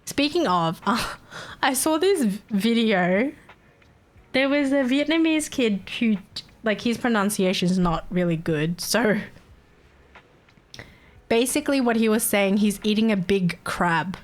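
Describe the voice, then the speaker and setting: A woman's voice: medium pitch, expressive, unhurried. A woman with an Australian accent, streaming and chatting casually, giggly and swearing freely. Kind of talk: casual livestream chat.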